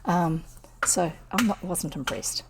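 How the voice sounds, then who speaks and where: Speaking slowly in a lowish voice, a woman livestreams from her home desk, rambling through stories and interrupting herself. Background noise comes through her computer streaming mic.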